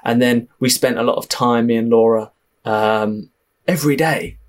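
A young man with an Essex accent, a film director chatting in a podcast interview, telling lively stories with laughs and the odd swear. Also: medium pitch, normal speed. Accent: Essex English. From Essex, England.

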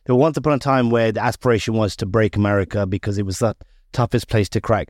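A man co-hosting a podcast, talking in quick bursts with many restarts. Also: fairly low pitch, steady tone, a little mellow, no room sound, clean studio sound. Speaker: podcast co-host. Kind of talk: casual podcast chat.

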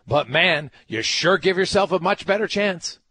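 A man's voice: high voice, lively intonation, normal speed, bright, forceful tone, a little hiss or hum. A man hosting a sports talk radio show, emphatic and ranting, firing off rhetorical questions.

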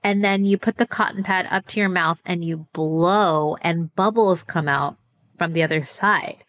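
A woman co-hosts a casual beauty podcast with a relaxed, wry delivery. Her voice sits slightly low for a woman. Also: a little slow. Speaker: podcast co-host, beauty editor.

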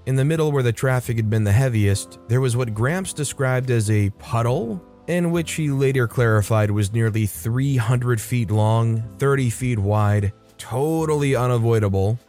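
Man, story narrator, wry, lively pacing, medium pitch, faint music behind.

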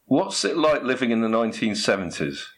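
A man's voice: medium pitch, very animated, fairly quick. A man playing straight man in a comedy chat, dry and sceptical, asking pointed questions.

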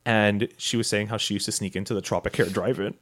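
A man's voice: lowish voice, fairly even intonation, fast talker, fairly bright tone. A man co-hosting a casual podcast chat, agreeing often and cracking jokes. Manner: agreeable, jokey. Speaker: podcast co-host.

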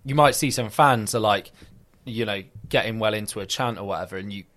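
A young man chatting casually as a podcast guest, telling lively anecdotes and acting out other people's voices in quotes. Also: fairly low pitch, brisk. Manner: animated storyteller acting out quoted voices, filler-heavy. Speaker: guest, football video presenter. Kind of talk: casual interview chat.

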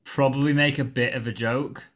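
A podcast co-host in casual conversation, this man gives short, dry replies. His mid-range voice is slightly bright, with fairly even intonation and a normal pace.

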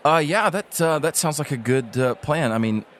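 A man's voice: on the high side, expressive, normal speed, slight background noise, pitched above the performer's own voice, natural voice. A man voicing a fretful dwarf king and fond father who talks hesitantly, full of ums and uhs. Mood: friendly.

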